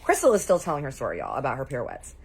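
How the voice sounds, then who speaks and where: Husky low-voiced woman telling a story. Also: racing. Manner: lively, chatty, acts out what others said; says y'all and girl often. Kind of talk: casual storytime.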